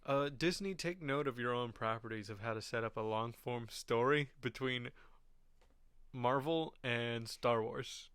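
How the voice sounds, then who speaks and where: A man's voice: mid-range voice, a little slow, fairly bright tone, smooth, dry recording, clean studio sound. A man co-hosting a podcast in casual chat, laughing while he retells movie scenes. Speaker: podcast co-host.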